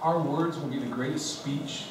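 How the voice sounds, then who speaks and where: A man with a high, light voice delivers a sermon, playing out both sides of an argument with his wife. He sounds distant from the mic, and his words ring through a very echoey hall with a noisy background. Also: normal speed. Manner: animated storytelling, acting out both sides of a marital argument. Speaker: pastor.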